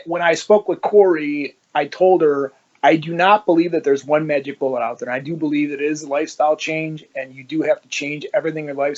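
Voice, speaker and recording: A man's voice: on the high side, lo-fi sound. A man who is a former police officer, telling his story in an interview and acting out the dialogue as he goes. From Ohio, United States. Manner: animated storyteller who acts out quoted dialogue.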